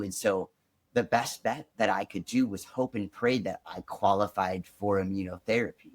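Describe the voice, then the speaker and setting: A young man with a fairly low voice tells his story as a podcast guest, loose and conversational, dropping "like" into nearly every phrase. He grew up in Chicago. The sound is close and dry, with no room around it. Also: normal speed, dry recording. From Chicago, USA. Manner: chatty, peppered with "like", animated retelling.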